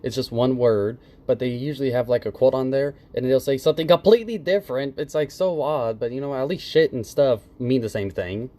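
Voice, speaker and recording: A man with a mellow, darker voice delivers casual reaction commentary. He is sarcastic and profane, and he breaks into mocking impressions. His tone is scornful and conversational. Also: mid-range voice, brisk, hardly any pauses.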